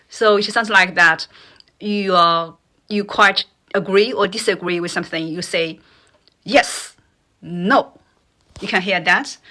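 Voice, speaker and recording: A woman with a Mandarin Chinese accent, teaching a pronunciation lesson and repeating syllables slowly to demonstrate the tones. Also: mid-range voice, sharp tone. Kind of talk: slow, careful pronunciation lesson.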